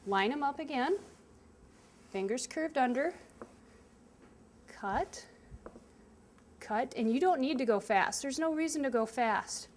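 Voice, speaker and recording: A woman chef walks children through a cooking demonstration, explaining each step with patience. Her voice sits a little high. She keeps it simple and hands-on. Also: expressive, slow pace, long pauses, a little hiss or hum. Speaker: chef teaching kids.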